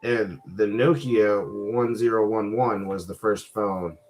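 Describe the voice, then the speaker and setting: A man's voice: lowish voice, fairly even intonation, slow, a little mellow. A man co-hosting a casual live-stream podcast who stumbles over restarts and reads facts aloud as he looks them up. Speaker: podcast co-host.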